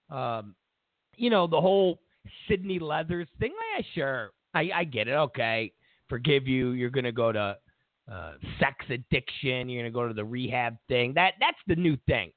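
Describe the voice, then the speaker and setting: A man's voice: on the high side, no echo. A male talk show host in a mocking, rambling comedic political rant, repeating his phrases. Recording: tinny phone-like line, dry.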